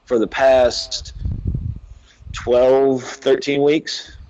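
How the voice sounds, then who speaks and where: A man's voice: medium pitch, flat delivery, drawn-out words, darkish tone, dull audio, a little hiss or hum. A man from the American South with a Southern accent, telling stories as a wrestler guest in a casual interview, rambling with lots of filler words. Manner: rambling, frequent "uh" and "like", quotes others in dialogue.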